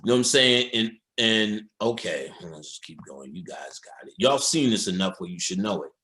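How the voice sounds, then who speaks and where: A man giving an informal occult lecture as he talks over a film. His pitch swings widely as he speaks, and he swears freely while addressing his viewers directly. The delivery is emphatic and loose rather than polished. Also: animated, normal speed, pushed and bright. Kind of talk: casual commentary over a film.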